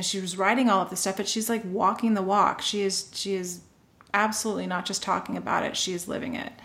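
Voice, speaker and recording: A woman's voice: medium pitch, a bit bright. A woman hosting a podcast in casual chat, effusive and chatty, often saying "like". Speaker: podcast host.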